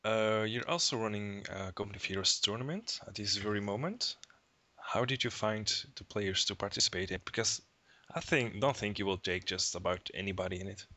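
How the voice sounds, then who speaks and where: Low bright-voiced male interviewer. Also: a little fast, no room sound. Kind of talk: casual interview questions.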